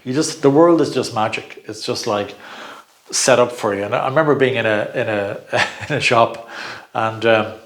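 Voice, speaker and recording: A man's voice: medium pitch, moderate pace. A middle-aged man giving an informal personal growth talk, chatty, laughing often and repeating words as he searches for them.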